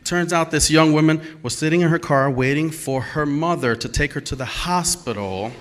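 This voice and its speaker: A man telling a true story at a live storytelling event, animated and emphatic, acting out the dialogue as he goes. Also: fairly high pitch, normal speed.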